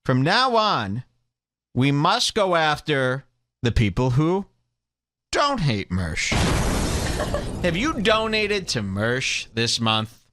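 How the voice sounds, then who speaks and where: A man's voice: a little high, wildly swooping pitch, slow pace, long pauses, fairly bright tone. A man hosting a show, mocking a clip in comedic commentary with laughter and impressions.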